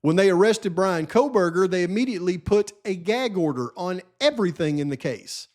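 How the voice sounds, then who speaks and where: A man's voice: high voice, animated, brisk. A man hosting his own channel, giving a solo commentary in an insistent, lecturing way, sounding frustrated. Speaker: channel host. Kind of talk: solo true-crime commentary.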